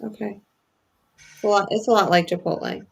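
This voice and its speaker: A woman chiming into a casual chat over a video call with quick agreeing interjections. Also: mid-range voice, fairly even intonation, creaky, breathy edge.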